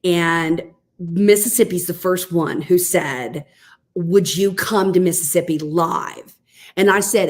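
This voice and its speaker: A middle-aged woman, a guest on a podcast, telling a story in a chatty, animated way with lots of fillers. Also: on the low side, unhurried. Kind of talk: casual storytelling.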